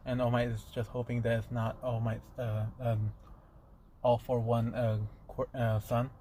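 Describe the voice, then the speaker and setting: A man telling an improvised fan story aloud in a halting way, full of restarts. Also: mid-range voice, little pitch movement, mellow, slight background noise.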